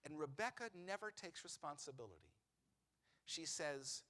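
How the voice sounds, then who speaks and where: A rabbi with a medium-pitched, slightly bright voice and some vocal fry talks fairly quickly, delivering a sermon in a synagogue sanctuary. He tells the story humorously and conversationally, putting questions to the congregation, and the large room adds a long reverb.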